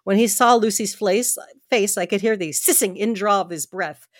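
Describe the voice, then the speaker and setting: A woman hosting a podcast, reading a novel aloud at home in steady narration, with small stumbles and asides. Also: mid-range voice, moderate pace, dry recording, clean studio sound.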